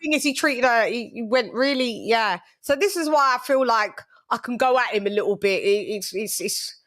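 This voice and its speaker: A woman's voice: a little high, normal speed, fairly bright tone. Chatty woman hosting a podcast. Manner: chatty, gossipy, blunt, laughs often, repeats words. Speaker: boxing podcast host. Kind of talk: casual chat.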